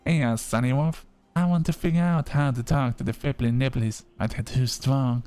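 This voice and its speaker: A man's voice: medium pitch, fairly even intonation, moderate pace, mellow, smooth, faint music behind, lightly acted. A man doing a hesitant young woman customer. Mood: unsure.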